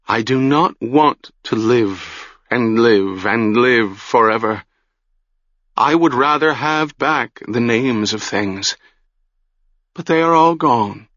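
A man voicing a trembling old sorceress, high and wild. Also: takes it slowly, a bit bright, dry recording, highs cut off. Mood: wild, anguished. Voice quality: whispery, trembling, pleading. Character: old grey-haired woman, broken former sorceress, frightened and wild.

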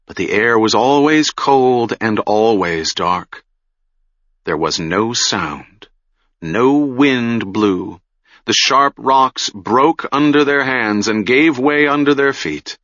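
Slow, solemn male audiobook narrator. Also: lowish voice, pushed and bright, no room sound. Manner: measured, solemn reading. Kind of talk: scripted fantasy narration. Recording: dull lo-fi recording.

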